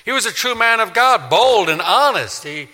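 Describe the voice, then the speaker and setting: Forceful, dramatic male preacher in a church. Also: sits high, lively intonation, moderate pace. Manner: dramatic, swinging from loud to hushed. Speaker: pastor. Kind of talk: storytelling sermon. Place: church sanctuary. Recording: long church reverb.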